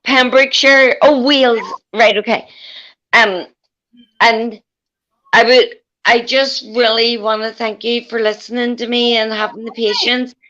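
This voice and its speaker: A woman with a Northern Irish accent, chatting casually as a panel guest in a rambling, warm way that includes casual swearing. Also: on the high side, steady tone, measured pace, highs cut off. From Northern Ireland. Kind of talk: casual chat.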